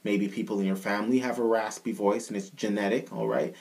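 A man's voice: on the low side, steady tone, fairly quick, a little mellow. A male vocal coach with a Canadian accent explains singing technique in an easygoing, chatty way. He keeps checking in with his listeners as he talks them through each point. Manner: casual, keeps checking in with "all right?". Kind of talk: video singing lesson.

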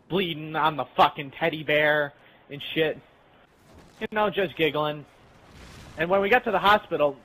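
A man's voice: on the high side, pushed and bright, poor audio. A young man casually telling a rambling, profane story while playing a game with friends. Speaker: channel host.

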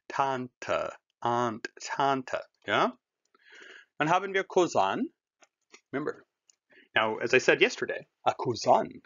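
Slow, patient man teaching German. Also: medium pitch, vocal fry, fairly bright tone, muffled recording. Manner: slow, patient explaining with drawn-out German words; friendly and encouraging, addresses learners directly. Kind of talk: recorded language lesson.

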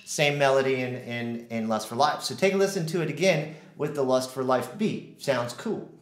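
A man's voice: mid-range voice, normal speed, echoey room. A man teaching drums in a casual way, counting out stickings and humming rhythms. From United States. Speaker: drum teacher. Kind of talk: casual instructional talk.

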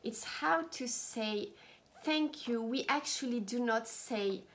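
A woman with a French accent, teaching travel phrases and repeating each one slowly and clearly, talking straight to her viewers. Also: fairly high pitch, a bit bright, a little hiss or hum. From France. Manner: slow, careful pronunciation drills, repeating phrases; friendly, direct to the viewer. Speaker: language teacher.

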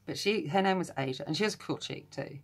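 A woman's voice: deep voice, fast talker. An Australian woman hosting her own colouring channel, chatting casually as she works, wandering into rambling, self-deprecating asides, from a room at home. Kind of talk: casual tutorial chat while colouring. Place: room at home with the door closed.

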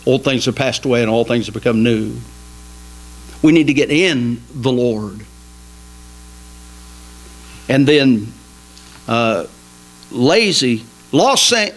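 A man preaching a sermon in a small church, emphatic and folksy, swinging between loud exhortation and quiet asides. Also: mid-range voice, poor audio. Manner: folksy, jokes with the congregation. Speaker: pastor.

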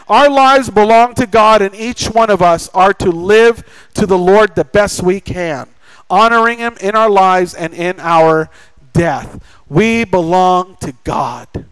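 An American man preaching a sermon as pastor, lively and acting out the voices of people he describes. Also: sits high, takes it slowly, clear, resonant tone, dry recording, poor audio.

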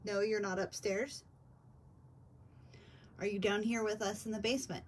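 A woman investigating a haunted house, asking the spirits slow, patient and coaxing questions from a basement. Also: mid-range voice, level tone, a little hiss or hum. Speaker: paranormal investigator. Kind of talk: questioning spirits in a ghost hunt.

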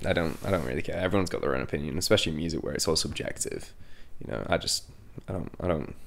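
A man's voice: very deep voice, racing, vocal fry. A man, a band's singer, chatting candidly in an interview, often restarting his sentences. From England. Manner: rambling, self-interrupting, candid. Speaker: band singer, interview guest. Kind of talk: casual interview chat.

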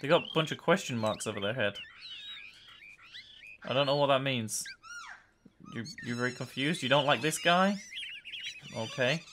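A young man casually commenting on his own gameplay, chatty and excitable, often breaking into yells and laughter. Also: medium pitch, normal speed, pauses often, noisy background. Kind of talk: casual let's-play commentary.

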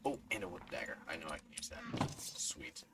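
A man's voice: deep voice, normal speed. A man narrating his own gameplay, exasperated and muttering to himself, with sudden panicked yelps. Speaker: gaming video creator. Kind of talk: let's play commentary. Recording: distant mic with loud background noise.

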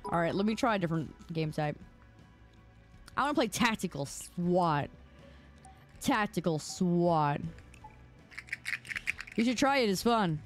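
A woman's voice: lowish voice, measured pace, pauses often, soft background music. A woman game streamer chatting casually and teasingly with her viewers while she plays. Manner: animated, teasing, talks to chat. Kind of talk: casual live-stream chat.

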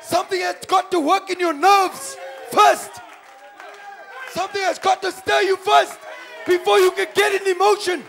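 High-voiced man preaching with fervor. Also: level tone, normal speed, a faint crowd. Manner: impassioned, swings between hushed and shouted; calls to the congregation with repeated questions. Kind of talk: sermon. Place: church.

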